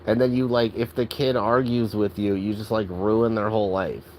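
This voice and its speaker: A man's voice: fairly low pitch, little pitch movement, moderate pace, darkish tone, slight background noise, low-quality recording. A man ranting angrily and profanely in a casual vlog, exasperated and full of filler words. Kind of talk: angry rant.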